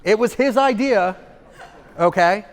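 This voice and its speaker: Higher-voiced man teaching in an echoey hall. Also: unhurried. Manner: animated, acts out examples, asks the audience "okay?". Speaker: seminar speaker. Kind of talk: live seminar talk.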